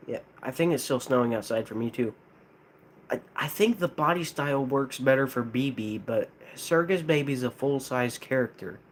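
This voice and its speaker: A man with a lisp, chatting casually on a live stream, hesitant and halting, with frequent restarts. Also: medium pitch, slight background noise. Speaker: streamer ranking plush toys.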